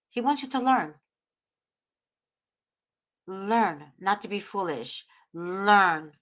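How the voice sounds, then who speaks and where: A woman talks to her audience as a show host, her voice sitting at an ordinary middle pitch. She gives earnest, preachy advice and circles back to repeat her points. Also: a bit bright. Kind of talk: casual advice talk.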